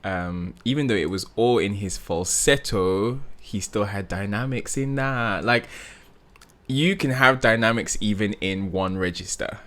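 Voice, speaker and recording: Slow-talking male vocal coach, sings snippets. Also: lowish voice, fairly bright tone. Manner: analytical, with many "like" fillers, sings snippets to demonstrate. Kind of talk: reaction commentary.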